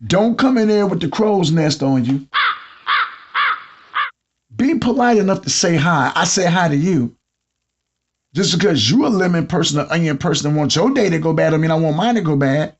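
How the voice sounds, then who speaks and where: A man with a Southern US accent hosting a podcast, telling comedic stories about his job and mimicking customers in an animated way. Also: fairly high pitch, normal speed, pauses often, slight background noise. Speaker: podcast host. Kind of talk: comedic monologue. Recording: dull lo-fi sound.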